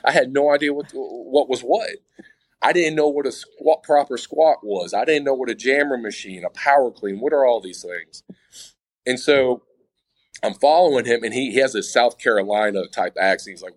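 Heard over poor audio, a man with a mid-range voice talks at normal speed. In a casual interview he recounts something personal, repeatedly stumbling into restarts and speaking straight to his listeners, whom he calls guys.

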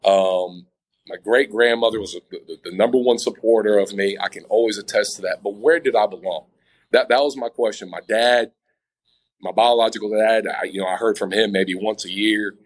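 A low-quality recording captures a man whose voice sits on the low side, speaking at normal speed. Telling a personal tale as an interview guest, he keeps restarting his sentences in a stammering way and addresses listeners directly as guys.

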